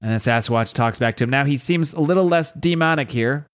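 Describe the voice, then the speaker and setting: A man reading a comic book aloud, retelling the panels with lively asides as the host. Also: mid-range voice, fairly quick.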